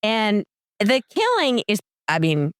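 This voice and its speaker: A woman's voice: medium pitch, takes it slowly, dry recording. Woman, podcast co-host, casual recap chat, dry close sound, acts out quotes. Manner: animated storyteller, acts out quotes.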